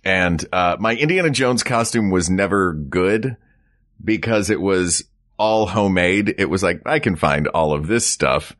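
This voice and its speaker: A man with a fairly low voice and a lively, swooping pitch, co-hosting a comedy podcast. He teases his partner with dry, playful jabs. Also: a little slow. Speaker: podcast co-host. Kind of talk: casual comedic chat.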